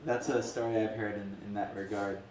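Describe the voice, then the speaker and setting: A man's voice: on the low side, level tone, fairly quick, a crowd in the background. Casual male storyteller, roomy and distant. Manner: casual, rambling with restarts. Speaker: spiritual teacher. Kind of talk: storytelling talk. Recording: echoey room from a distant mic.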